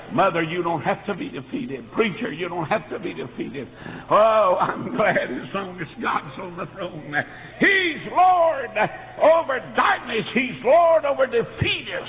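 A man preaching a revival sermon, building up to shouted peaks. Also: on the high side, slight background noise. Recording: tinny lo-fi old tape in a reverberant hall.

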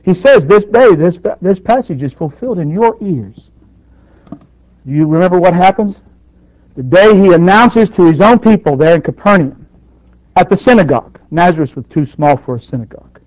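A man preaching a sermon, surging loud on his points and dropping to near quiet, with dynamic swings in force. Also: high voice, expressive, normal speed, no room sound. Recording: dull dry lo-fi recording.

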